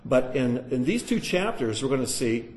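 Animated male preacher in an echoey room. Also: mid-range voice, moderate pace. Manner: animated, asks the audience questions. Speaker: Bible teacher. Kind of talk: sermon-style Bible teaching. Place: room with a live audience.

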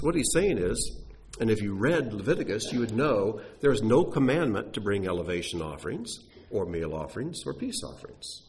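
There's a little hiss or hum behind this man's lowish, brisk voice as he delivers a sermon. Teaching from scripture, he's animated, pressing his points with emphatic rhetorical questions and a voice that climbs and falls.

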